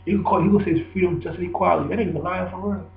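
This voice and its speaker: A man's voice: high-pitched, fairly even intonation, rapid-fire, gravelly. A man giving a rambling, preachy spoken monologue, repeating himself for emphasis. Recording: echoey, dull lo-fi recording.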